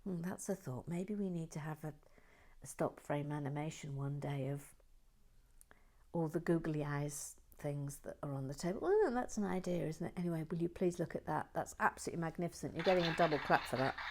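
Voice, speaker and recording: A woman hosting a brick-building livestream in whispered chat. She shifts from soft whispers to playful, excited asides. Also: low-pitched, a little fast.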